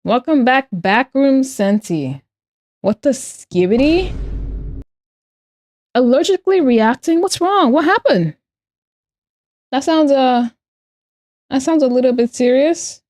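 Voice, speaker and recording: A young woman livestreams while drawing, playfully chatting and reading her viewers' messages aloud. Her voice is high-pitched and a little mellow, slow with frequent pauses, and she sounds out of breath.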